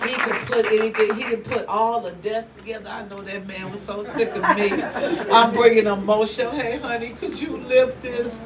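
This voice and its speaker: Older woman pastor thanking her people, lively, laughs a lot, mic kinda far off, loud crowd and noise behind. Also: mid-range voice, normal speed. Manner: animated, laughing often, acting out quotes. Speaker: apostle leading a church. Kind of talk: church gathering speech thanking her team.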